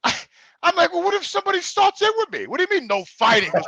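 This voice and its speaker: A man's voice: extremely high pitch, very animated, quick pace, gravelly, sharp tone. A middle-aged man telling a profane comic story, swearing constantly and rising into indignant outbursts. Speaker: show regular, storyteller.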